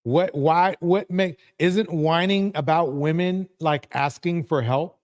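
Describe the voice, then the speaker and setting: A man's voice: a little high, slow pace. A man hosting a live talk stream, asking his panel pointed questions. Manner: probing, asks pointed questions.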